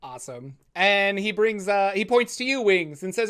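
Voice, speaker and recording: A woman narrating a tabletop game as game master in an animated storytelling manner. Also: medium pitch, normal speed.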